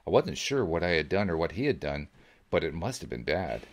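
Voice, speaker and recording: A man reading a book aloud as a podcast host, narrating in the first person in a measured, steady way. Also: rumbling low. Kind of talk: audiobook-style reading.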